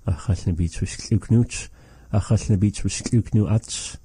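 Brief: low-voiced male language teacher, dark mellow tone, dry close sound, thoughtful and hesitant. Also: a little slow, breathy edge, dry recording. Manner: thoughtful, hesitant, searches for words. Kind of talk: explaining language lesson.

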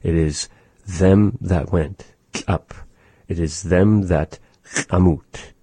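Slow deep-voiced man teaching a language. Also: fairly even intonation, mellow, a little hiss or hum. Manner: slow, patient, repeats words for listeners. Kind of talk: slow explanatory language lesson.

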